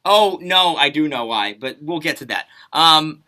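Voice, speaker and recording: A man's voice: on the high side, unhurried. A young man co-hosting a radio show, telling a story in casual banter and acting out the quotes. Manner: animated storytelling with acted-out quotes. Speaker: radio co-host.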